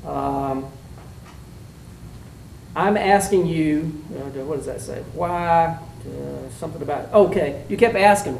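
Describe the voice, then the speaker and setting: A man with a fairly high voice gives students folksy, plainspoken feedback, full of "uh"s and "um"s, in the manner of a mock trial judge. He sounds far from the mic, in a roomy, echoey space with a faint hiss of room noise. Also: slow, vocal fry, a little mellow. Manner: folksy, plainspoken, with many fillers. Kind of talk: spoken critique to students.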